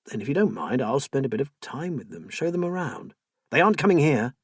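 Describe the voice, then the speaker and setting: A strained, defensive husband, read by a male narrator whose husky voice swings in pitch. He speaks in the narrator's own voice. The sound is dry and close to the mic. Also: very animated, brisk, no room sound. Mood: coaxing. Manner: pleading, then tense and exasperated.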